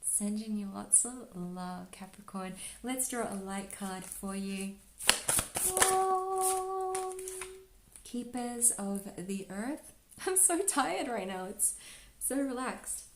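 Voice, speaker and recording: A woman giving a relaxed spiritual card reading, talking softly and dreamily with lots of "like" and "you know.". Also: medium pitch, slow, roomy sound, heavy background noise. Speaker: astrology and oracle card reader.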